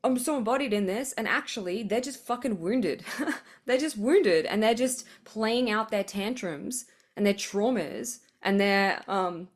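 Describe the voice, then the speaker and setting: A woman's voice: medium pitch, takes it slowly. A woman hosting a podcast, giving a rambling spiritual monologue, full of fillers and blunt swearing. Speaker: podcast host.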